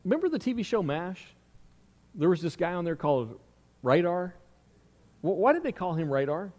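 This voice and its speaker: A man's voice: sits high, sing-song, normal speed, darkish tone. Male pastor preaching in a reverberant hall. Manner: conversational storytelling with rhetorical questions. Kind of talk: sermon. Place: church sanctuary.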